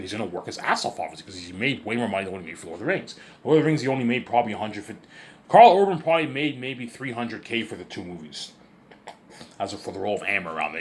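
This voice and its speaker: Male vlogger, fast and rambling, lowish voice, boastful and repetitive. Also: a little hiss or hum. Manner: repetitive, boastful, self-assured. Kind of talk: rambling casual monologue.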